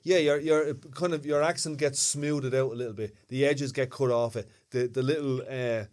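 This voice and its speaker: A man's voice: mid-range voice, steady tone, normal speed, a little mellow. Easygoing Dublin man in chat. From Dublin, Ireland. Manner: easygoing, agreeable, laughs along. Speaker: podcast co-host. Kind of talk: casual chat.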